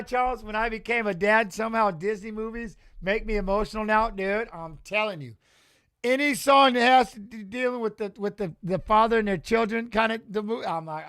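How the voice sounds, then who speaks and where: A man hosting a live watch-along stream, chatting casually, reacting with excitement and answering viewers in the chat. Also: high-pitched.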